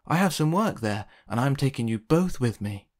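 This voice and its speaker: A man voicing an upbeat mother telling her children exciting news in a picture book. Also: medium pitch, moderate pace, lightly acted. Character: cheerful mother of two, upbeat.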